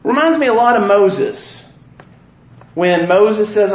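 A man preaching a sermon, asking the listeners question after question in an earnest, deliberate way. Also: high-pitched, expressive. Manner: slow, questioning, earnest delivery with rhetorical questions. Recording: roomy, slightly dull recording.

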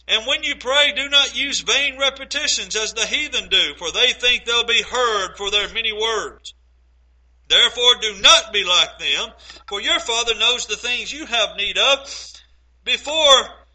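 A man preaching with a strikingly high, piercingly bright voice. He is middle-aged and delivers his sermon earnestly, pressing points home with emphatic rhetorical questions. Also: poor audio.

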